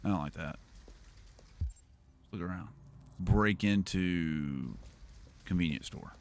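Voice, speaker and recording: A man's voice: low-pitched, takes it slowly. A man streaming a game, chatting casually and rambling through jokes and silly voices. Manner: joking, rambling, laughs at own jokes. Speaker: gaming streamer. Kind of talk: casual gameplay commentary.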